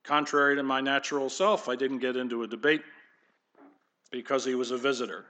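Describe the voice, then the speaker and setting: A man's voice: mid-range voice, steady tone, fairly quick, sharp tone. Emphatic preaching man. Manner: emphatic preaching with rising, punchy declarations; conversational asides. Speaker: pastor. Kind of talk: sermon.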